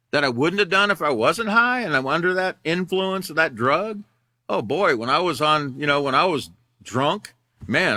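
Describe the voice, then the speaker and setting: A man's voice: on the high side, sharp tone, no echo, studio quality. A middle-aged man teaching a character education class, telling a candid personal story in a conversational way. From Alaska.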